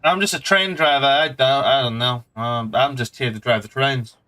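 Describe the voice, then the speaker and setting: A man streaming a relaxed game, chatting in a rambling, playful, self-mocking way. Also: mid-range voice, normal speed, rough recording. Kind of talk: casual gameplay commentary.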